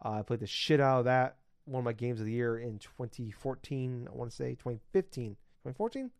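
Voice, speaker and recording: A man's voice: mid-range voice, a little fast, a little mellow, dry recording, clean studio sound. Profane rambling male podcast host. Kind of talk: casual podcast chat.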